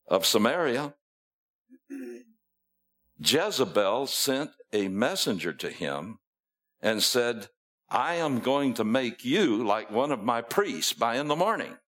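A man's voice: medium pitch, very animated, slow, pauses often, a bit bright. A man preaching a sermon, retelling scripture in a folksy storytelling way, acting out the quotes and chuckling at his own asides.

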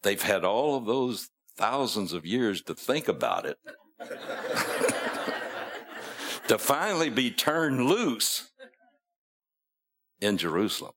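Male preacher, low and unhurried, casual storyteller who chuckles at his asides. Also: very animated, fairly bright tone, a little hiss or hum. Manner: folksy storytelling, acting out quotes. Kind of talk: sermon.

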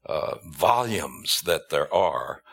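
A man delivers a sermon in a very low, deliberate voice, stretching the words he stresses and posing rhetorical questions. His tone is bright and forceful despite the low pitch. The pace stays slow and measured throughout. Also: animated, gravelly, husky. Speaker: preacher.

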